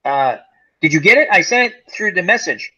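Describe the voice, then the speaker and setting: A man's voice: high voice, sing-song, fairly quick, bright, forceful tone, husky, dull audio. A man telling a long, funny story in a casual chat, acting out quotes and swearing freely. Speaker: podcast co-host telling a story.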